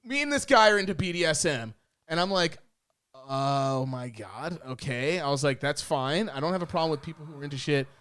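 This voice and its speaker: A young man from Puerto Rico, a podcast co-host, telling a story in casual chat, profane and animated, acting out what people said. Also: fairly high pitch, fast talker. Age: young adult.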